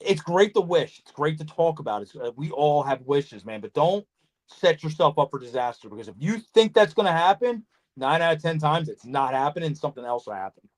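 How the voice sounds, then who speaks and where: A man hosting a casual podcast chat, telling animated stories, swearing freely and acting out conversations. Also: fairly high pitch, brisk. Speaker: podcast host, snake breeder.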